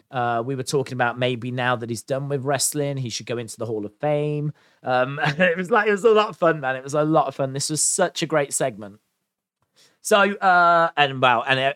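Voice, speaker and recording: A man giving a chatty, excitable recap and review of a wrestling show, full of fillers. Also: mid-range voice, smooth, no room sound, studio quality. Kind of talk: casual spoken recap and review.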